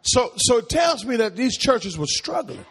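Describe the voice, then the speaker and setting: A man's voice: extremely high pitch, very animated, moderate pace, a bit bright, slightly rough. A man preaching a call-and-response sermon in a church, calling questions to the congregation for them to answer. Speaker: pastor. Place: church sanctuary. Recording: long hall reverb.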